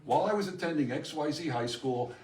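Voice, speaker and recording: A middle-aged man presents a live seminar to an audience in a meeting room, lively and emphatic, often asking the room questions. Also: on the high side, quick pace, a little hiss or hum. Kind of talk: live workshop talk to an audience. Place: chamber of commerce meeting room. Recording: echoey room from far off.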